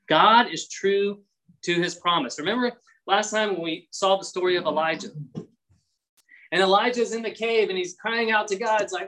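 A man's voice: high-pitched, a bit bright, poor audio. A man preaching an expository sermon, reading verses and explaining them in a conversational way, sometimes acting out voices. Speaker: pastor.

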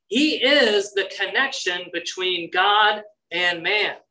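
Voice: mid-range voice, pushed and bright, slight background noise, poor audio. A preacher giving a Bible-teaching sermon in an emphatic way, repeating key phrases for stress.

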